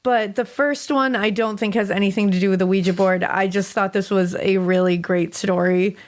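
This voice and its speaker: A woman's voice: mid-range voice, fairly even intonation, moderate pace. A woman co-hosting a podcast, chatting casually and reading a listener's story aloud with frequent laughs and casual swearing. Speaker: podcast co-host.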